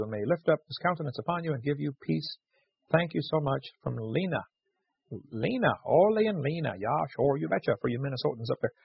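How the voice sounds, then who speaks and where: A man's voice: fairly high pitch, creaky, husky, no echo. A man hosting a radio show, reading listener letters aloud and telling jokey stories with frequent laughs. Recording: dull lo-fi radio recording.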